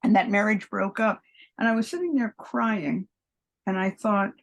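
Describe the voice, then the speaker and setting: A woman's voice: medium pitch, moderate pace, creaky. A woman in her seventies, a podcast guest, telling long rambling stories and acting out the people in them, often laughing. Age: 70s. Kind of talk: long anecdotal interview storytelling.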